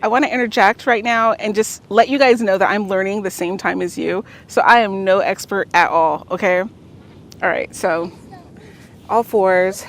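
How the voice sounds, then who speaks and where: Her voice is mid-range and her speed normal, with a little hiss or hum in the audio. She's a vlogger leading beginner yoga on a beach in a casual, chatty, encouraging way, often pausing to ask "okay?"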